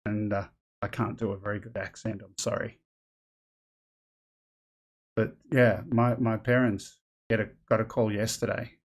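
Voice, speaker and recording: A man's voice: fairly low pitch, steady tone, measured pace, long pauses, slightly rough. A man hosting a casual live stream, thinking aloud and rambling as he chats with viewers. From Australia.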